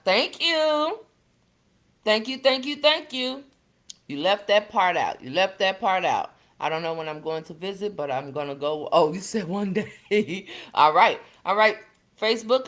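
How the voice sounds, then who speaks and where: A woman's voice: medium pitch, a bit bright. A woman talks through a casual livestream. She chats freely with her viewers, greeting them by name and calling them sister and baby as she reads the comments. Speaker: livestream host.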